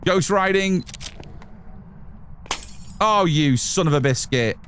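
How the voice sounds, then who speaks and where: A man's voice: sits high, lively intonation, takes it slowly, fairly bright tone, a little hiss or hum. A man giving chatty live commentary as he plays a game, talking to his chat and to himself. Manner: chatty, talks to chat and to himself while playing. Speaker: streamer.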